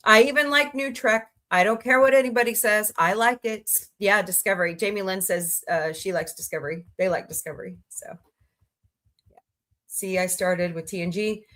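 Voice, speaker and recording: A woman's voice: steady tone, normal speed, a bit bright. Chatty woman hosting a fan livestream. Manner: chatty, rambling, reads chat aloud and greets viewers; laughs easily, voices reactions with sudden high squeals. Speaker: livestream host. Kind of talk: casual livestream chat.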